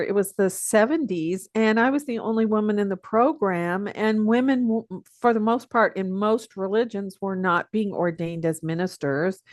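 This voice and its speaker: A woman's voice: mid-range voice, no echo, studio quality. An older woman from the Pacific Northwest, a teacher guesting on a podcast, talking reflectively and chuckling often as she tells stories. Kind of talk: casual interview conversation.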